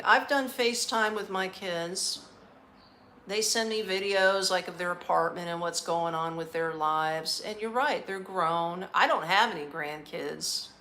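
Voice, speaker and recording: Middle-aged American woman, low-pitched voice, blunt, cussing live-stream chatter, faint street noise behind. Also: sharp tone. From United States. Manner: blunt, swears freely, laughs often. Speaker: vlogger answering live chat. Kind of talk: casual live-stream chat.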